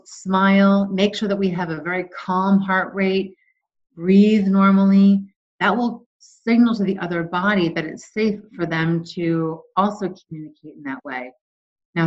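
A woman calmly and earnestly explaining ideas as a guest in an interview. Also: lowish voice, lo-fi sound. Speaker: guest expert. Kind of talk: conversational interview.

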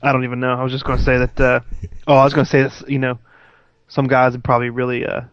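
Fast-talking wisecracking man, flat delivery. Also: medium pitch, dry recording, highs cut off. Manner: quick, wisecracking. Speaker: podcast guest. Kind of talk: casual podcast banter.

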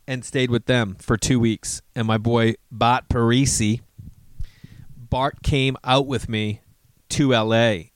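An American man in his forties tells a long personal story in a loose, rambling way, swearing often. He jumps into quick bits of dialogue as he goes. His voice is mid-pitched and sounds dry and close, with no room echo. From United States. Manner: rambling, profane, acts out quoted dialogue. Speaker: comedian.

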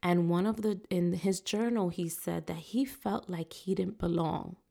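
A woman's voice: on the low side, steady tone, a little slow, gravelly, warm tone. A woman hosting a solo podcast, talking to listeners with uplifting, preacher-like encouragement. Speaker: podcast host.

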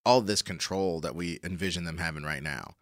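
A man co-hosting a podcast, chatting casually with relaxed joking asides. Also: low voice, a little fast, no echo, studio quality. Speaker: podcast co-host. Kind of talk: casual chat.

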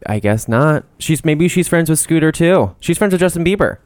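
Smooth-voiced man in casual, heated chat. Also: a little high, expressive, moderate pace, darkish tone, dry recording. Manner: rambling, heated, profane when worked up. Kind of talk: casual chat about celebrity gossip.

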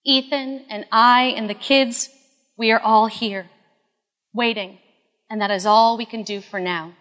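A woman in her thirties telling a personal story in an earnest, confessional way, often dropping to a hush. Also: a little high, fairly even intonation, unhurried, big-room sound. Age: 30s.

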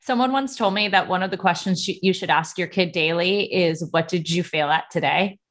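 A woman's voice: lowish voice, brisk. Chatty woman interviewer. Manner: chatty, laughs easily, many likes. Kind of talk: casual chat.

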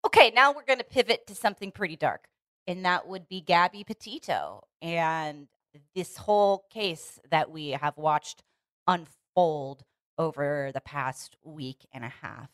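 A woman's voice: low voice, animated, a little slow, a bit bright, dry recording. A woman co-hosting a casual podcast chat, earnest and opinionated, restarting her sentences often. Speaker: podcast co-host. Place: Los Angeles.

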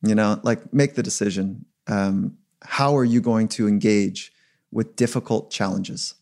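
A man's voice: lowish voice, fairly even intonation, unhurried, vocal fry, a little mellow. A man being interviewed as a performance psychologist, talking in a reflective, emphatic way. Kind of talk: podcast interview.

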